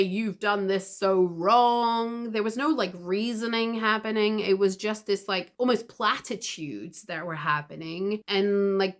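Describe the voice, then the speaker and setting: A woman's voice: mid-range voice, a bit bright. A woman tells a personal story straight to camera. She speaks in a mid-range voice, earnestly and reflectively, with feeling close to the surface. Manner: earnest, reflective, emotional retelling. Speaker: video creator.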